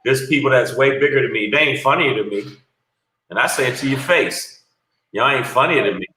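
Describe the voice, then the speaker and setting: A man's voice: mid-range voice, brisk, reverberant, a little hiss or hum, rough recording. A man, a comedian guest, telling stories in a casual interview, blunt and profane. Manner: blunt, profane, animated storyteller.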